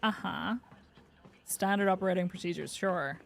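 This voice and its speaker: A woman's voice: on the low side, moderate pace, vocal fry. Giggly woman streaming a game. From United Kingdom. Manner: chatty, giggly, reads chat aloud. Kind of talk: casual live-stream chat.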